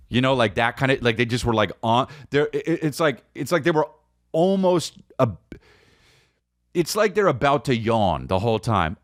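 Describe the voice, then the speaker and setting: A man's voice: mid-range voice, sing-song, normal speed, no room sound, studio quality. A man in his forties hosting a podcast, rambling through a comedic monologue and slipping into silly voices. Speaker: podcast host.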